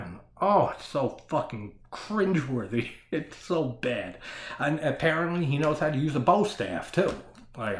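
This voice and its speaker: A man's voice: medium pitch, roomy sound. A man giving a casual solo discussion of a horror film, ranting with plenty of swearing and frequent laughter. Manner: profane, ranting, laughs often.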